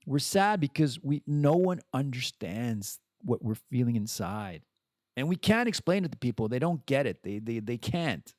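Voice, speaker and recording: Man musing aloud with a lively pitch. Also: no echo, clean studio sound. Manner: rambling, restarts and swears. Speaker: podcast host. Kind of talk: casual recovery podcast monologue.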